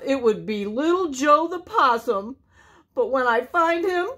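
A woman's voice: high voice, a bit bright, voice pushed up, full character voice. A woman voicing a grumpy old male bear who sobs and pleads in a storybook reading. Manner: sobbing, pleading.

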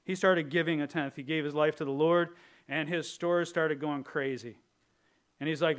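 Male pastor, sermon, fairly high voice, lively and joking, then hushed and earnest on serious points. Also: normal speed. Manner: animated and humorous, acting out prayers in a raised voice.

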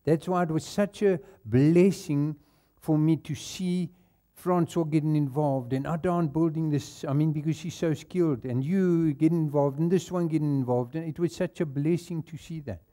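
A man's voice: a little high, normal speed, mellow. A male pastor with a South African accent preaching a sermon in a church, telling stories and laughing at his own anecdotes. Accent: South African English.

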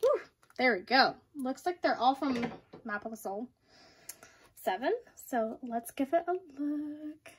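A young woman unboxing collectibles in a casual vlog, excitable and gushing, often giggling. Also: high voice, unhurried, a little hiss or hum. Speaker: vlogger.

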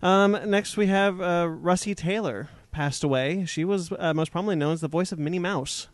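A man's voice: high-pitched, no echo. A man hosting a casual podcast chat, reading through news items with frequent restarts. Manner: quick, rambling delivery with restarts. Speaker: podcast host.

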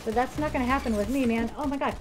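A woman streamer chatting casually through a game, excitable and talkative with bursts of exclamations. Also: high-pitched, rapid-fire. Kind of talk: casual gameplay commentary. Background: clear music and game gunfire.

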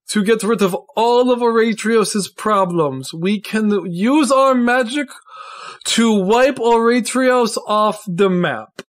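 A haughty male sorcerer, voiced by a man, speaks in a raised, unhurried tone from a tabletop game. His delivery is pompous and theatrical, every line drawn out for effect. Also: high voice, pitched above the performer's own voice. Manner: pompous, theatrical, slow deliberate speech.

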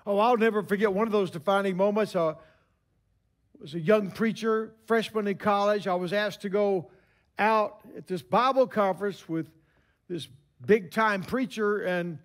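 A man in his sixties preaching a sermon, telling stories with emphatic pauses. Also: sits high.

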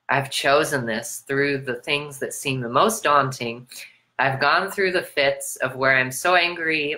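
Deep-voiced, bright American woman preaching. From United States. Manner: preachy, repetitive rhetorical questions, swearing, big swings in pitch. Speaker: spiritual self-love coach. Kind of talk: motivational video sermon.

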